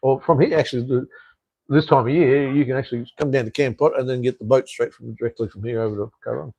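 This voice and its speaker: A man's voice: medium pitch, steady tone, fast talker, creaky, a little mellow, dry recording, low-quality recording. An Australian man hosting a live stream, chatting casually and bluntly with viewers, rambling and swearing freely.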